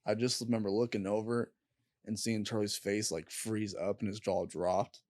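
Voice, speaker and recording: A young man, a podcast guest, telling a painful personal story in a candid, halting way and swearing freely. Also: on the low side, steady tone, a little mellow, no room sound, clean studio sound. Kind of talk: casual storytelling.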